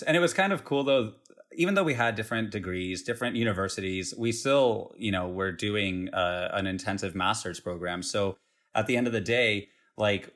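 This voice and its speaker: Relaxed young American man, low voice. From United States. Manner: relaxed, rambling with fillers and laughs. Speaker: interview guest. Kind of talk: casual conversational interview.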